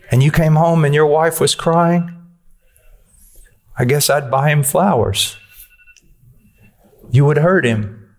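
A man preaching a sermon, blunt and personal in the way he talks. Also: a little high.

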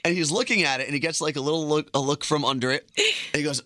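A man's voice: on the high side, rapid-fire, bright, forceful tone, dry recording, studio quality. A young man co-hosting a casual podcast, telling stories and teasing his co-host. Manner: joking, storytelling, teasing. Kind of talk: casual chat.

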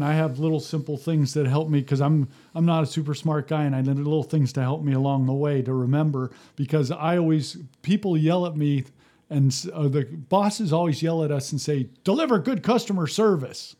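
A man's voice: a little high, fairly even intonation, brisk, warm tone. A man, a former fire service leader, talking casually and telling stories from the job, often restarting his sentences and acting out the people he quotes. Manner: storytelling, acts out quotes, frequent restarts. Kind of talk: casual podcast conversation.

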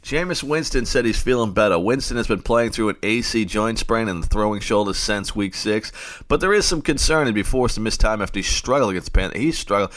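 A man's voice: fairly low pitch, brisk, a bit bright. A man hosting a late-night fantasy football radio show, ranting and getting fired up.

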